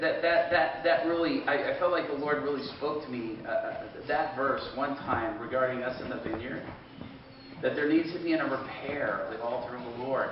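A man preaching a sermon as a pastor, telling a story in an animated, rambling way with many restarts. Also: medium pitch, slight background noise. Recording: echoey room, distant mic, dull sound.

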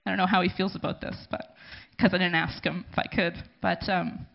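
A woman with a gravelly, creaky edge to her voice gives an emotional thank-you speech at a church gathering. She speaks haltingly and pauses to collect herself. The recording sounds dull and lo-fi. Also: fairly low pitch, little pitch movement. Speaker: church community leader. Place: gathering in a room.

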